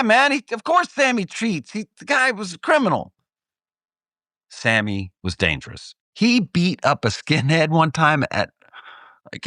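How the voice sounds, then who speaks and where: A middle-aged man from Texas tells a story on a podcast. His pitch swings widely as he acts out the people in it, and he laughs often. The recording is dry and close. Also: no echo. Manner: animated, acts out voices in anecdotes, laughs often. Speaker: podcast co-host. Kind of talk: casual storytelling. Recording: dry close studio mic.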